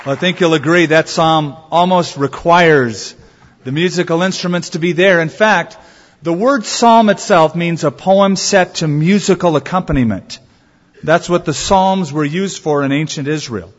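A man pastor preaching a sermon, telling stories with drawn-out emphatic phrases. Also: a little high. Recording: dull sound in a reverberant hall.

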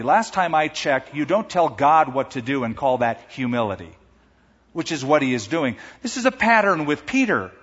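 A man preaching a sermon with a lively, swooping delivery and a slightly high pitch. His voice is a bit husky, and he brings quoted lines to life with their own voices. The sound is dull and lo-fi, with a long echo from a large hall. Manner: animated, acts out quoted voices. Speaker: pastor.

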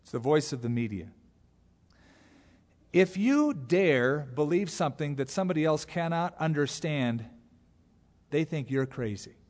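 A man preaching a sermon with a slightly high voice that carries a long hall reverb. He preaches with animation, throwing himself into quoted voices. It sounds like a church sanctuary. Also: lively intonation, a little slow, pauses often, darkish tone. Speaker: pastor.

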